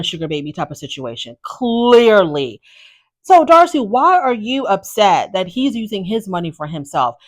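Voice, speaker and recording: A woman giving blunt, opinionated commentary as a reality TV recap host, firing off exasperated rhetorical questions. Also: lowish voice.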